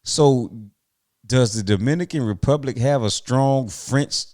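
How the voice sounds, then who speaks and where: A man co-hosting a podcast in casual chat, laid-back and playful, asking drawn-out questions. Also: medium pitch, darkish tone, dry recording, clean studio sound. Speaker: podcast co-host.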